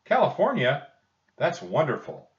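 A man's voice: mid-range voice, very animated, slow. A man putting on a sweet cheerful schoolteacher lady. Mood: delighted. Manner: sweet, encouraging, brightly raised voice. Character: cheerful kindly young female schoolteacher. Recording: dull lo-fi recording.

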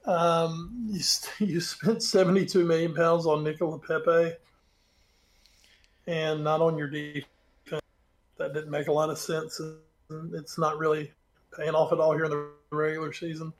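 A man's voice: fairly high pitch, little pitch movement, measured pace. A man co-hosting a sports podcast, giving blunt, opinionated takes and laughing at his own jokes. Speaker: podcast co-host. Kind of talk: casual sports chat.

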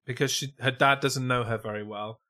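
A man's voice: mid-range voice, fairly even intonation, a little fast, pushed and bright. A man co-hosting a comedy podcast, reading out a post with dry sarcasm. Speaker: podcast co-host. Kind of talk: casual comedy chat.

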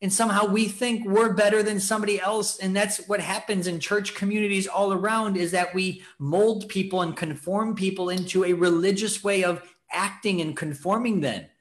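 A man's voice: high-pitched, fairly even intonation, normal speed, hardly any pauses. A man hosting a faith podcast, preaching in an earnest, exhorting way and acting out the thoughts of people in the story. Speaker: podcast host teaching on scripture. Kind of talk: preaching talk, casual.

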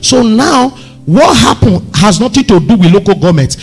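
A man preaching a sermon, telling stories with lively swings and sudden shouts. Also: sits high, normal speed, vocal fry, breathy edge, soft background music. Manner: animated, storytelling, bursts into shouts. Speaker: pastor.

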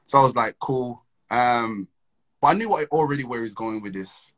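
Young man, casual storyteller, slangy and animated, middle-pitched voice, laughs often. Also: normal speed, low-quality recording. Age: young adult.

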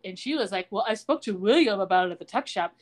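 A woman's voice: medium pitch, quick pace. A woman hosting a podcast, recapping a TV episode in casual chat and acting out the characters' lines. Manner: animated storytelling, acts out quoted lines.

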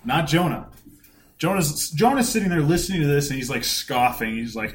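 A man co-hosting a casual Bible chat, joking and telling the story with animated energy, laughing often. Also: fairly high pitch, normal speed, a little hiss or hum.

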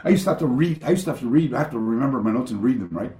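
This very noisy, roomy video-call recording features a man of mid-range pitch talking very fast and expressively. A karate master on a podcast, he rambles through anecdotes in a remote interview, interrupting himself, restarting often and leaning on fillers.

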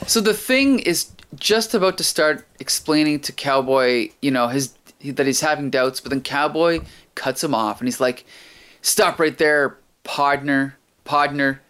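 A man's voice: mid-range voice, normal speed, hardly any pauses. A man co-hosting a casual chat, retelling a comic story and acting out quotes with laughs. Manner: animated storyteller who acts out quotes with laughs. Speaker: podcast co-host.

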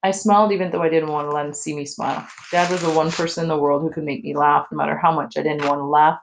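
A woman teacher reading a novel aloud to her class in a steady storytelling way. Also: low-pitched, quick pace, vocal fry, slight background noise.

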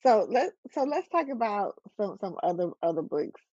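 A woman's voice: medium pitch, sing-song, moderate pace, dark tone, dry recording, dull audio. A woman hosting an interview, chatty and enthusiastic, with plenty of fillers. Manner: chatty and enthusiastic, many fillers and back-channel "mm-hmm"s. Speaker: interview host. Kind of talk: casual interview chat.

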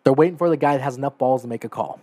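A man's voice: mid-range voice, racing, dark tone, no room sound. A man hosting a solo podcast, talking emphatically and often checking in with "right?" and "okay?", and growing heated. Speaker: podcast host. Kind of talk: opinionated solo podcast commentary.

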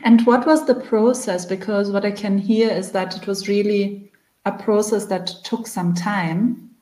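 A woman's voice: mid-range voice, fairly even intonation, measured pace, mellow. A woman hosting a podcast interview, asking questions attentively and reflecting back what her guest says. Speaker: podcast host. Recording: echoey room.

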